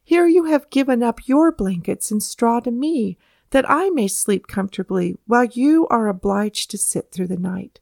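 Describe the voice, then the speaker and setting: A woman's voice: a little high, lively intonation, normal speed, vocal fry, a little mellow, no room sound, studio quality, voice pushed up. A woman reading the lines of an earnest, dignified army general, raising her voice to insist. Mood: insistent.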